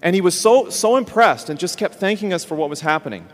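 Animated man telling a story in a reverberant hall. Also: high-pitched, fast talker. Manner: animated storyteller acting out quotes. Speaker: host. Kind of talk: storytelling in a ministry talk.

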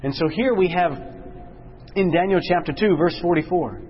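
A man with a fairly high voice teaches a Bible class, pressing the room with questions and then sinking low and slow for emphasis. The sound is a little dull and lo-fi, with faint room noise behind him.

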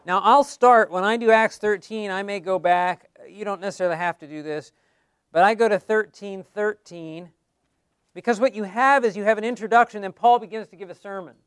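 Man teaching a Bible class, conversational, quizzes the class, high clear voice. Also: brisk, a bit bright, dry recording, studio quality. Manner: conversational, asks the class questions.

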